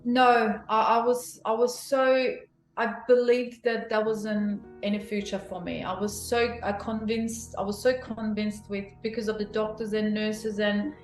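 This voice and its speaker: A woman in her forties tells her personal story as an interview guest, emotional and animated, with many restarts. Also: medium pitch, measured pace. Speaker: guest, clinic founder. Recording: roomy echo, faint music.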